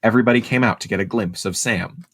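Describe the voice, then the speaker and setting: A man's voice: fairly low pitch, fast, fairly bright tone, husky. A man from Ohio co-hosting a casual podcast, reading out notes and teasing his co-host with mock indignation.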